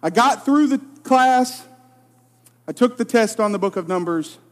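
This young preacher, in his late twenties, has a high, expressive voice and keeps a measured pace. He recounts a personal story emphatically and pokes fun at himself, the sermon echoing with long hall reverb.

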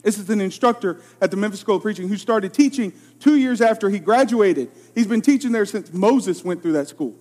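In a hall with long reverb, a man in his late twenties preaches a sermon, sharing a personal story with emphatic, self-deprecating delivery. His voice is high and darkish, with lively intonation, and he speaks briskly with few pauses.

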